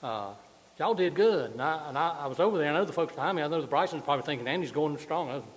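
A man's voice: fairly high pitch, animated, rapid-fire. A man preaching a sermon, joking and folksy, moving around as he talks. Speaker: pastor. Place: church sanctuary with balcony. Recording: long church reverb.

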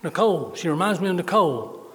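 A man's voice: high voice, expressive, fast. A middle-aged male pastor giving a sermon, repeating phrases for emphasis and adding folksy humor. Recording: long hall reverb.

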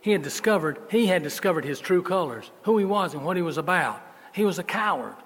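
A man preaching a sermon as pastor, telling stories in a folksy way and moving between loud emphasis and soft asides. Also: high voice, expressive, brisk. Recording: long reverb of a large hall.

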